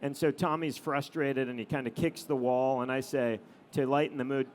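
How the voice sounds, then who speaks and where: A middle-aged man, a photographer, telling anecdotes to an audience in a relaxed storytelling manner with frequent "um" and "you know". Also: mid-range voice, moderate pace, slight background noise. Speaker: adventure photographer giving a talk.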